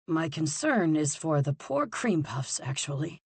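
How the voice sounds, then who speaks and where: A woman voicing a cold, sardonic young male villain who talks flatly and without feeling. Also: on the high side, a little slow, creaky, husky, no room sound, exaggerated voice. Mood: deadpan. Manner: flat, deadpan, numb.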